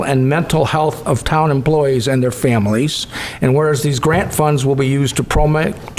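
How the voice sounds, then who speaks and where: A man serving as a town councilor, reading motions and resolutions in a measured, formal way. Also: medium pitch, slight background noise.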